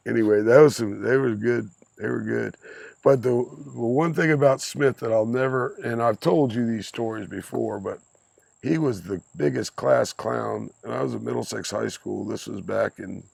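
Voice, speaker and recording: A man in his sixties telling lively stories from his youth in a casual chat, with salty language and chuckles. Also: medium pitch, normal speed, creaky, breathy edge, no echo. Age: 60s. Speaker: podcast guest, host's father. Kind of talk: casual storytelling.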